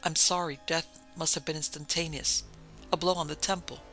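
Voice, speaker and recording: A man reading the part of a small bearded doctor who speaks in a measured, sober way. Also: on the high side, steady tone, bright, forceful tone, faint music behind. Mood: grave. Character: small bearded male doctor, calm and grave.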